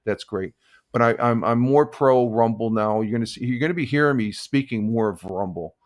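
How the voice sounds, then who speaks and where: A man's voice: medium pitch, normal speed. An older man chatting on his morning live stream in an easygoing, rambling way. He stops and restarts sentences often and chuckles between thoughts, with a mid-range voice. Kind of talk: casual morning chat stream.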